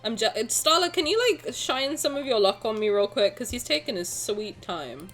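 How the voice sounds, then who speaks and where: Young woman streamer, bit high voice, swings all over the place, joking around w faint game music behind. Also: normal speed. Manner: playful, joking, bursts of excited shouting. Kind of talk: casual game stream commentary.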